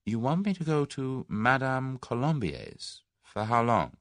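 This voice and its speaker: A man reading an audiobook voices a spirited, wary young Englishwoman, raising his voice and giving quick, plucky retorts. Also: medium pitch, sing-song, a bit bright, no echo, studio quality, voice pushed up.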